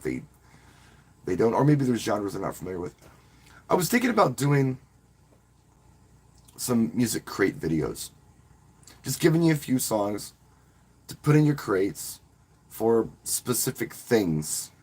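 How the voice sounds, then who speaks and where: A man's voice: fairly low pitch, a little mellow, husky. A man who works as a wedding DJ, casually talking to viewers on a live stream in a rambling, friendly way and often restarting his words. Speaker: wedding DJ and channel host.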